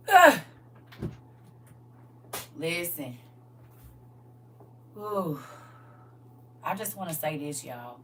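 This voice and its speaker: A woman preaching casually on a live stream, talking to viewers in a folksy, emphatic way and repeating "listen" and "y'all". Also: low voice. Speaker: livestream preacher. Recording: slightly distant mic with faint hum.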